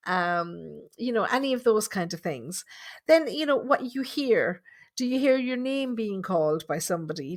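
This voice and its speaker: A woman with an Irish accent, a spirit medium chatting casually on her live stream at her home computer, greeting viewers and reading their comments aloud. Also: medium pitch. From Ireland.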